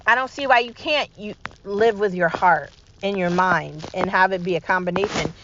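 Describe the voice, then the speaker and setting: A woman's voice: mid-range voice, normal speed, a bit bright, lo-fi sound, slight background noise. A woman talking alone in an emphatic, repetitive, rallying way, swearing freely. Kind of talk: solo monologue vlog.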